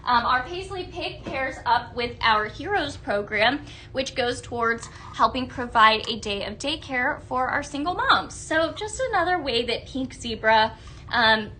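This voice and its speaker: A woman hosts a live shopping stream. She gushes about products and reads viewer votes aloud. Her voice is bright and sits a bit high. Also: a little hiss or hum. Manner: bubbly, gushing, reads viewer comments aloud. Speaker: live-selling host.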